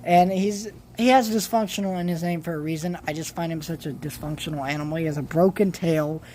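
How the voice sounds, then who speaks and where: A man's voice: fairly high pitch, fairly even intonation, brisk, a little mellow, slight background noise. A man from California rambling casually in a vlog, with many restarts and fillers. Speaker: vlogger.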